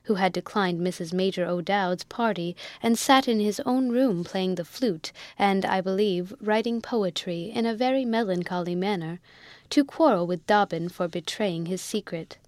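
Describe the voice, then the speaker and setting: A woman narrating a classic novel in a measured audiobook reading. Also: medium pitch, a little mellow, no echo. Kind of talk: scripted narration.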